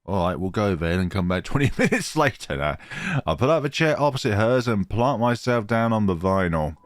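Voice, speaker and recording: A man's voice: fairly low pitch, animated, brisk, soft background music. A man reading a horror visual novel aloud as a let's player, playful, often tripping over words and correcting himself.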